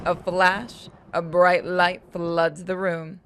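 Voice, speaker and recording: A woman's voice: on the low side, little pitch movement, slow pace, clean tone, dry recording. A woman reading and narrating a game aloud, with joking, swearing, self-mocking asides.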